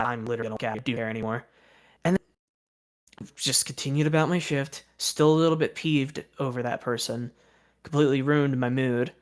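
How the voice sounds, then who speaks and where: A man's voice: mid-range voice, a bit bright. A young man streaming, telling a story in a casual rant, exasperated and aggrieved, swearing freely.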